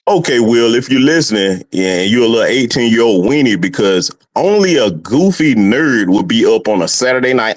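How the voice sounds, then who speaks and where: Male caller, forceful lecturing tone, mid-pitched voice. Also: animated, a little fast, hardly any pauses. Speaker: caller on a roundtable. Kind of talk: live stream call-in.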